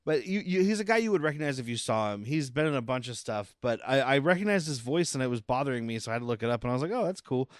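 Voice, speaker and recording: A man co-hosting a podcast, chatting casually about a film and telling animated stories with quoted asides. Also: medium pitch, fast, few pauses, smooth, no echo, studio quality. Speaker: podcast co-host. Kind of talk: casual film review chat.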